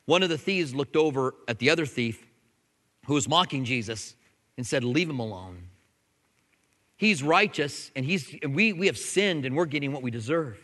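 A man pastor preaching a sermon in a conversational way, at times dropping to soft, intense tones. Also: a little high, big-room sound.

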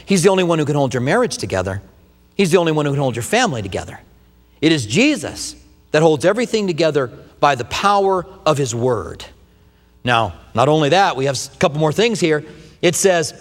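A man in his fifties preaching a sermon, folksy and animated, with homey stories, humor and slow, stressed phrases. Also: on the high side, in a large hall. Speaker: pastor.

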